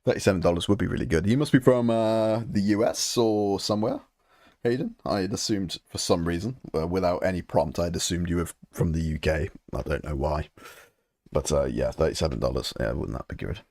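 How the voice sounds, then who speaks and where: A man's voice: sits low, fairly quick, vocal fry, a little mellow, no room sound, clean studio sound. A young British man hosting a live painting stream, chatting in a rambling, swearing, good-humoured grumbling way. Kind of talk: casual live stream chat.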